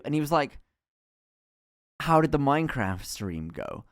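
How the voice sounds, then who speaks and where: A young man streaming from home, telling a story in a casual, animated way, full of laughs, swearing and acted-out quotes. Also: on the high side, a little slow, long pauses, clean tone. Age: young adult.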